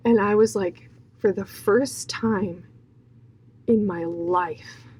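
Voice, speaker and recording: A woman's voice: mid-range voice, takes it slowly, darkish tone, slight background noise, poor audio. A young woman telling an emotional personal testimony in an earnest, heartfelt way, full of fillers and restarts. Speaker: guest sharing her testimony.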